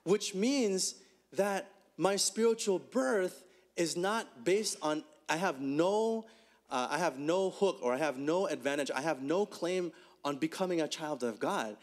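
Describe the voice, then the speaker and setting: A man preaching a conversational sermon, asking rhetorical questions and swinging his pitch up and down as he talks. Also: measured pace. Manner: animated, rhetorical questions, swings between high and low pitch. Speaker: pastor.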